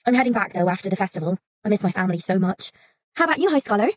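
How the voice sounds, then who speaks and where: A woman's voice: medium pitch, rapid-fire, dry recording, lightly acted. A woman voicing an overjoyed, tiny young woman in her late teens who gushes in a sing-song way. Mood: excited. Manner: excitable, gushing, sing-song.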